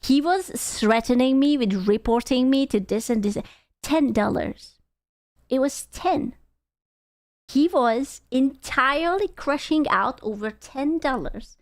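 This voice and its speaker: A woman's voice: sits high, slow pace. A young woman streamer in casual chat, blunt and profane as she rants to her viewers.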